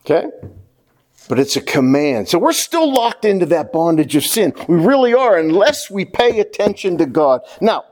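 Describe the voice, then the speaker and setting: Lively, high-pitched preaching man. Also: normal speed. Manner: animated preaching, stressing repeated words. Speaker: pastor. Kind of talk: sermon.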